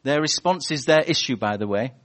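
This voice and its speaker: A man giving a lively church sermon, chatty and animated, slipping into acted-out voices as he tells stories. His voice sits at an ordinary middle pitch. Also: brisk. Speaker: preacher.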